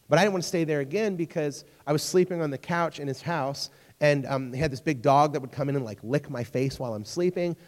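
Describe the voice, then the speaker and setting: A young man preaching in a hall with a long, ringing reverb. His pitch sits in the middle of the male range. He tells stories in a jokey, animated way and keeps checking in with the crowd. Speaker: youth pastor. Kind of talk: sermon. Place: church hall.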